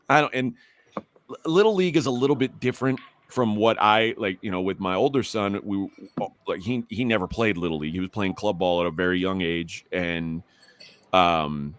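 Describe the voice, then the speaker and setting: Man, middle-aged, podcast host, lowish voice, rambling, restarts, heated. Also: moderate pace, a bit bright, a little hiss or hum. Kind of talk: casual storytelling.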